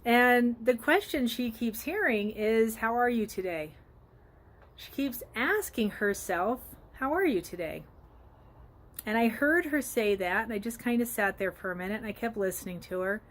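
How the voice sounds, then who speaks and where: Woman life coach, casual outdoor phone vlog, earnest and chatty, slightly high pitch. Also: lively intonation, normal speed. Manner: earnest, conversational, with frequent ums. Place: outdoors by a flowering tree.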